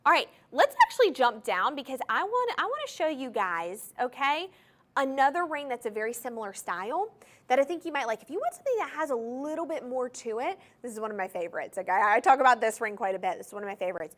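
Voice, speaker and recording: A woman's voice: sits high, sing-song, quick pace, a bit bright. A woman hosting a live TV shopping show, gushing over jewelry and speaking straight to viewers, repeating key points for emphasis. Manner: gushing, enthusiastic, addresses viewers directly; repeats item numbers and key phrases for emphasis. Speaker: shopping channel host. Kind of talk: live TV jewelry sales pitch. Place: TV studio.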